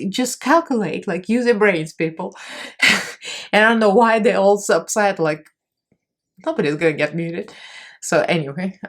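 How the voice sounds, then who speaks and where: A woman with a slightly low voice talks through her makeup work in a relaxed vlog style. She rambles from one thought to the next and teases herself along the way. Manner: chatty, rambling, self-mocking. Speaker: makeup artist. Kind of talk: casual vlog chat and tutorial voice-over.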